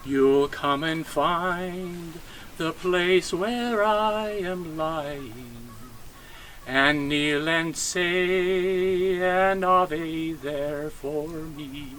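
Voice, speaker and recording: Man, high voice, bright tone, very slow tender ballad singing, outdoors at a graveside. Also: slight background noise. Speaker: funeral singer.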